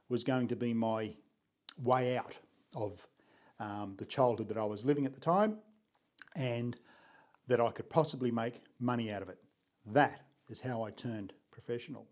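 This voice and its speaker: In an earnest, slow-paced vlog, an older Australian man from Sydney talks about his life in photography. His pitch is medium and his tone darkish, and he keeps clearing his throat.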